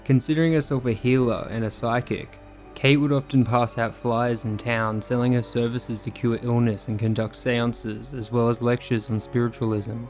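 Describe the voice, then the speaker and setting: A man reading a scripted true crime narration in a measured, sombre manner. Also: medium pitch, little pitch movement, faint music behind.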